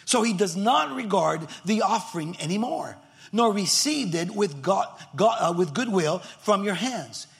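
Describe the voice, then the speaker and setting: A male pastor preaching a sermon emphatically, swinging from shouts to near whispers and acting out members of the congregation. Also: high voice, expressive, a little slow, creaky.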